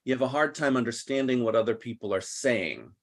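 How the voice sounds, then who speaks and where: A man teaching an online English class over a video call, explaining slowly and patiently. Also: medium pitch, expressive. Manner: patient, slow, deliberate explaining.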